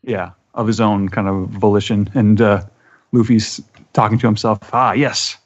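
A man's voice: fairly low pitch, steady tone, moderate pace, a little mellow. Man recapping over dull lo-fi audio. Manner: narrates scenes, acting out quoted lines in a raised voice. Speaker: podcast panelist. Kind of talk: casual manga recap chat.

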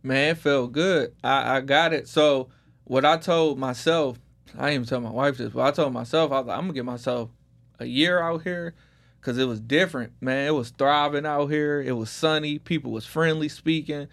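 A man's voice: medium pitch, normal speed, creaky, fairly bright tone. Slang-heavy man telling his story. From Detroit. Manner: laid-back storytelling with street slang. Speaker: guest. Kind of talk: casual podcast conversation.

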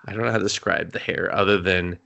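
A man's voice: low voice, fairly even intonation, a little fast, vocal fry, bright, forceful tone, muffled recording. A young man on a podcast, recapping an anime in casual, profane chat and acting out the characters' lines. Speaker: podcast co-host.

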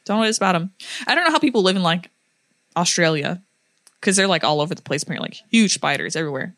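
A young woman from Florida with a fairly low voice chats away on a podcast. She tells stories loosely, full of fillers and quick laughs. Her voice sounds close and dry. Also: lively intonation, a bit bright, dry recording. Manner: chatty storyteller with many fillers and laughs. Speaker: podcast co-host. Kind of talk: casual chat.

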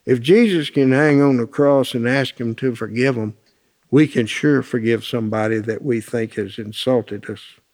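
Gravelly guy teaching a church class, folksy storyteller, does little voices for the folks he quotes. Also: mid-range voice, moderate pace, darkish tone. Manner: folksy storytelling, acts out phone calls in raised voices. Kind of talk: preaching through a personal story.

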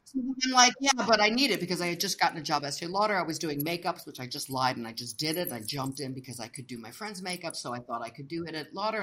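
A middle-aged American woman telling stories as an interview guest, animated and laughing often as she acts out the voices of people she met. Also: low-pitched. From United States. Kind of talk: casual storytelling.

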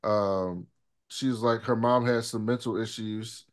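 A man's voice: on the low side, fairly even intonation, slow. A man co-hosting a casual podcast recap of a TV episode, laid-back and profane, retelling scenes with quoted dialogue. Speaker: podcast co-host.

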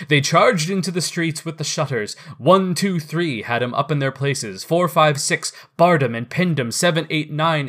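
A man narrating a classic storybook in a lively, expressive reading. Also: on the high side.

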